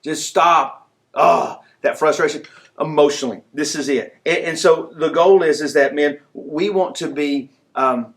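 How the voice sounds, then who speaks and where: A man preaching a sermon in a conversational style, acting out characters in quick asides. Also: a little high. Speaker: pastor.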